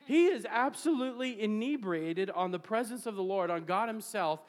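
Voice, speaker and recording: A man preaching a sermon to a congregation, reading scripture aloud and building to shouted peaks, with jokes and laughter along the way. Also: sits high, expressive, normal speed. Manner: preaching with rising bursts of shouting. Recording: long hall reverb.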